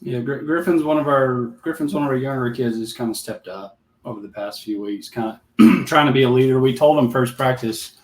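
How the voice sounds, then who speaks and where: A man's voice: mid-range voice, a little fast. Easygoing man, roomy sound. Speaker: youth baseball manager. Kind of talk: casual chat. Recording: roomy echo.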